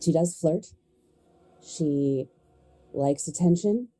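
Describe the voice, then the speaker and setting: A woman's voice: deep voice, slow, warm tone, soft background music. A woman voicing a proud young woman defending her sister in a tabletop role-play. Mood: guarded.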